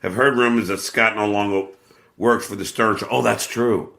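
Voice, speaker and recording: A man's voice: on the low side, fairly even intonation, moderate pace, vocal fry, pushed and bright, echoey room. A man hosting a live show, talking casually and crudely and taking an unexpected call. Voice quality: crude, joking. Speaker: show host taking calls.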